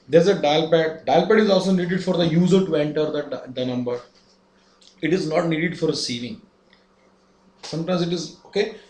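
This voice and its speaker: A man giving a lesson, explaining step by step and asking rhetorical questions. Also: on the high side. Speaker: instructor. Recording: echoey room, faint ambience.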